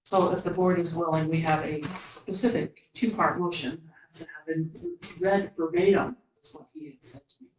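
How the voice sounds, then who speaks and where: Woman staff member, very low voice, matter-of-fact, distant mic with clear hiss. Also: steady tone, normal speed. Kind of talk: explaining finances at a meeting. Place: school board meeting room. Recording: roomy hall audio with clear hiss, far mic.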